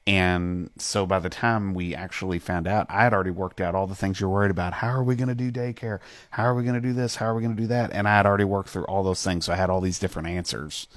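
A man in his thirties, chatting casually and explaining things in a calm, methodical way. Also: low-pitched, fast talker, few pauses, no room sound. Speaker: husband. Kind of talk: casual chat.

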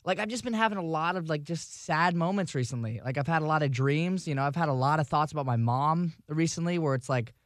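A man co-hosts a radio show in casual chat, speaking quickly in a slightly raised voice. He is candid and halting, often searching for words. The sound is close and dry. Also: a little high, dry recording.

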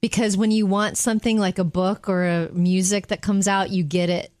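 A woman's voice: mid-range voice, flat delivery, normal speed, a little mellow, no room sound, studio quality. A middle-aged woman co-hosting a radio show, telling a story in casual chat and acting out the voices of others. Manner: chatty storyteller, acts out quoted voices. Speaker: radio co-host.

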